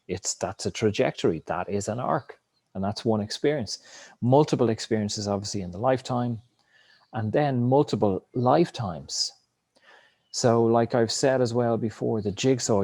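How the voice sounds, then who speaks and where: A man's voice: on the low side, darkish tone, no room sound. A man talking in a rambling, reflective spiritual monologue, cursing now and then. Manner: rambling, reflective, swears casually.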